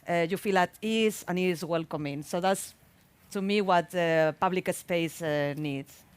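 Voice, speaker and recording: A woman architect and researcher speaking on a public panel in a thoughtful, halting way, often repeating words. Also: fairly low pitch, smooth. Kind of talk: panel discussion. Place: public talk event.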